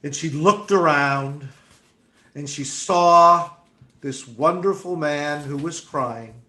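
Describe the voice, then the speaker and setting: A man telling a story gently to a group over a video call. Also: on the high side, slow pace.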